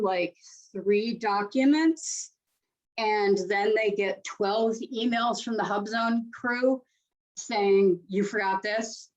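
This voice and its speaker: A woman giving a webinar presentation in a chatty, joking way with animated asides. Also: fairly high pitch. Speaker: SBA presenter. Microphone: video call. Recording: dull lo-fi webinar audio.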